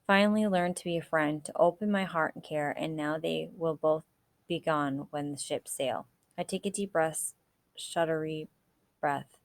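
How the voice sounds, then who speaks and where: A woman with a low voice reads a novel aloud at a measured pace. Now and then she stops to fix a slipped word. The recording is close and dry. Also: no room sound. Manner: measured reading with small self-corrections. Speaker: audiobook reader.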